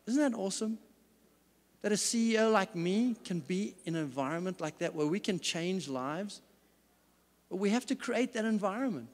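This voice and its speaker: A man with a notably high voice delivers a faith-based business talk as a company CEO. He tells stories earnestly, with emphatic stress. The sound comes from a large event hall with a long, lingering reverb. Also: animated, normal speed.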